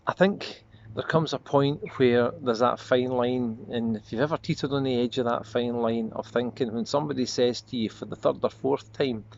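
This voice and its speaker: A man preaching a short devotional sermon as a pastor, earnest and reflective, slowing and softening on repeated prayer refrains. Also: mid-range voice, steady tone, gravelly. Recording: slightly dull lo-fi audio with faint noise.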